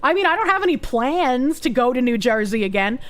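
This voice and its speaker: A young woman with a Boston accent, chatting casually on a live stream, profane and excitable with bursts of yelling. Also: high-pitched, brisk. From Boston, USA. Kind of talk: casual live-stream chat reading comments.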